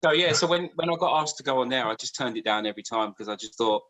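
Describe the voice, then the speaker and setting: A man's voice: mid-range voice, animated, quick pace, few pauses, fairly bright tone, poor audio. A man co-hosting a casual podcast, telling long, rambling anecdotes. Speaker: podcast co-host. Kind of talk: casual chat.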